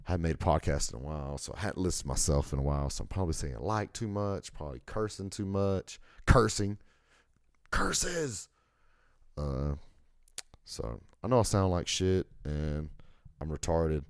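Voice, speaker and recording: Young american dude ranting solo on his podcast, swears a ton, really low voice, dry sound. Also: mellow, clean tone, no echo. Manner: profane, rambling rant. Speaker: podcast host. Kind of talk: casual solo monologue.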